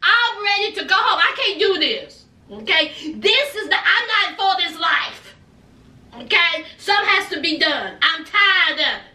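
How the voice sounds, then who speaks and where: A woman voicing an exasperated young woman who is fed up with farm life and complains loudly. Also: very high voice, sing-song, a little slow, exaggerated voice. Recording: echoey room, distant mic.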